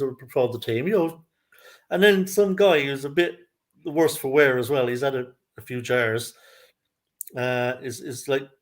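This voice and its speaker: A man with a mid-pitched voice tells a long story as a guest in a casual chat. His delivery is relaxed and chatty, with plenty of asides along the way. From lives in Kerry, Ireland.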